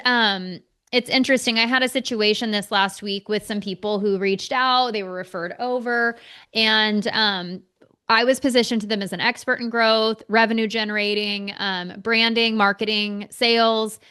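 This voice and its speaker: Woman podcast co-host, a little high-pitched, frank and unfiltered, casual swearing. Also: clear, resonant tone. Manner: candid, swears freely, animated when telling stories. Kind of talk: casual business podcast talk.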